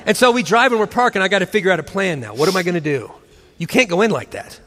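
A man in his forties telling a family story and encouraging fellow Christians, animated, acting out voices and laughing often. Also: high voice, fast talker, long reverb tail. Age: 40s. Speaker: christian speaker and husband. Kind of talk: storytelling talk.

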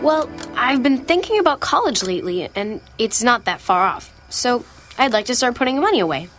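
A woman's voice: a little high, very animated, normal speed, a bit bright, faint music behind. An actress playing a good-natured, slightly clumsy teenage girl who talks sheepishly. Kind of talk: radio drama acting.

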